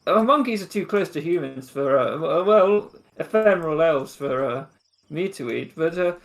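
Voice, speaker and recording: A man's voice: a little high, animated, moderate pace, gravelly. A man playing a tabletop game, chatting casually and joking, hesitant with uhs. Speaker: player.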